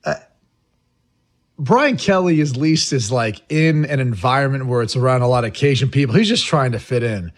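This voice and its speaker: Husky-voiced laid-back sports co-host. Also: male voice, mid-range voice, lively intonation, moderate pace. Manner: laid-back, reasoning aloud with fillers. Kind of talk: casual sports chat.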